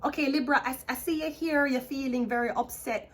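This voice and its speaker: Jamaican-accented female tarot reader, higher pitch, excitable and repetitive delivery. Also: fairly quick. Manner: excitable, chatty, repeats herself. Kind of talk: casual tarot reading to camera.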